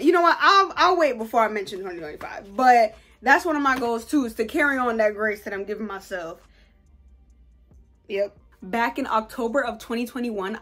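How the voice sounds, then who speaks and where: Bubbly woman, high-pitched, casual vlogger chat. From New York, USA. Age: 20s. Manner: bubbly, excitable, breaks into laughs and squeals.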